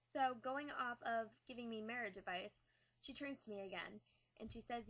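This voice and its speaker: A woman's voice: on the high side, moderate pace, bright, forceful tone. A young adult woman telling a story in a casual, earnest, reflective vlog. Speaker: vlogger. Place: New England.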